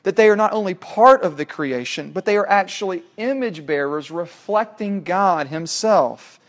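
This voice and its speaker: Preacher, male, somewhat high voice, emphatic sermon with rhetorical questions. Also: lively intonation, moderate pace. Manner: emphatic, rhetorical questions, swings from loud to hushed.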